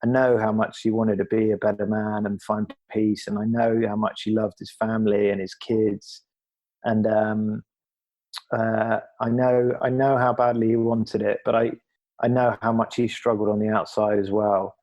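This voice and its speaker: A man's voice: on the low side, flat delivery, moderate pace, a little mellow, lo-fi sound. A middle-aged man from England speaking as a podcast guest, earnest and reflective, often restarting his sentences. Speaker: podcast guest, former athlete. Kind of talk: candid conversational interview.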